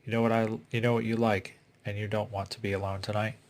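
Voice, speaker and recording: A man voicing a bland, teasing young man of nineteen in a read-aloud suspense story, with a low, flat delivery. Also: fast talker, lightly acted.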